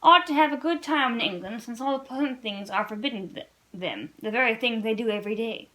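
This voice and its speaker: A woman reading aloud, voicing a lively, witty young French noblewoman who banters gaily. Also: a little high, a little fast, natural voice, rough recording. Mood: wry. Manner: merry, teasing, gaily bantering. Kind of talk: read-aloud storybook dialogue.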